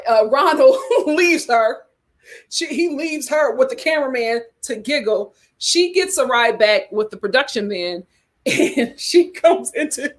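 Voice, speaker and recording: Sassy, animated woman reviewer. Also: high voice. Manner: sassy, animated, laughs often. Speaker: reality TV reviewer. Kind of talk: casual show recap.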